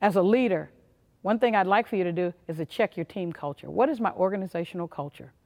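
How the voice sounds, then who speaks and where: Her lowish, slightly mellow voice moves fast and trails a long reverb. A motivational conference speaker, she gives a leadership talk with emphatic punch, acting out little quoted voices along the way.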